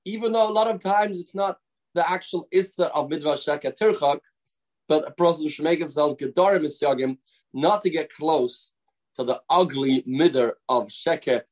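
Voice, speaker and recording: A man's voice: fairly high pitch, low-quality recording. Earnest man giving a Torah lesson. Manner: earnest, stretches words for emphasis. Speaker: Torah lecturer.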